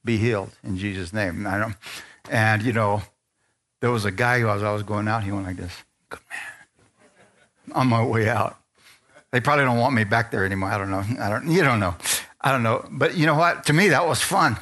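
A man's voice: on the low side, fast, a bit bright. A man preaching a sermon as a pastor, speaking conversationally and asking the congregation for amens.

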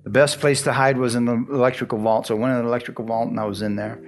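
A man's voice: medium pitch, flat delivery, very fast, faint music behind. Chuckling older man telling his testimony. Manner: folksy, chuckles often, restarts and repeats words. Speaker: church testimony speaker. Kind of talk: personal testimony storytelling.

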